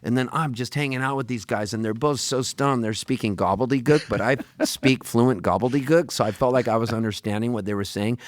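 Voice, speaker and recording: A middle-aged man, a musician guest in a radio studio, telling an animated story and acting out other people's lines. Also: medium pitch, brisk, few pauses, no echo. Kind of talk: storytelling interview.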